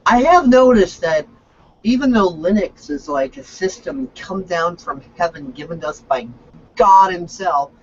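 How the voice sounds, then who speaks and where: A man's voice: sits high, lively intonation, measured pace. Joking man on a dull lo-fi line. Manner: loose, joking, swears freely. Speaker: podcast co-host. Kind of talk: casual comedic chat. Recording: dull lo-fi audio with faint hiss.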